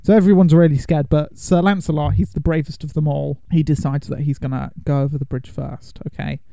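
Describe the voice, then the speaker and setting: A man's voice: fairly high pitch, fairly even intonation, a little fast, gravelly, dark tone, no room sound. A man co-hosting a podcast, casually and playfully recapping a film and slipping into silly voices. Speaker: podcast co-host.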